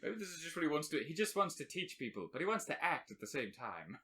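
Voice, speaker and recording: A man's voice: a little high, sing-song, fast talker, bright, forceful tone. A man co-hosting a casual podcast, rambling and joking, laughing often. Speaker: podcast co-host.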